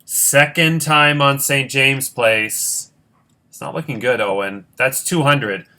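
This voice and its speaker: A man's voice: medium pitch, slow, bright, forceful tone. A man hosting a board game competition, counting squares aloud and checking his sums in casual play-by-play. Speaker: host running a Monopoly-style competition.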